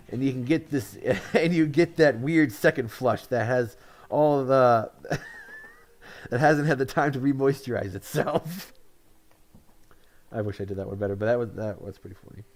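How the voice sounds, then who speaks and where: A man's voice: medium pitch, moderate pace. Man chuckling at his own one-liners. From Connecticut, USA. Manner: chuckles at his own jokes, offhand self-commentary. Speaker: comedian. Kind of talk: telling one-liner jokes.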